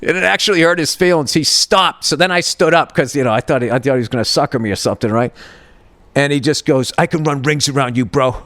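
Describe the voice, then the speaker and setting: A man's voice: a little high, quick pace, fairly bright tone, no room sound. A man in his fifties, a podcast host, telling a comedic story in a profane, exasperated rant and acting out both sides of an argument.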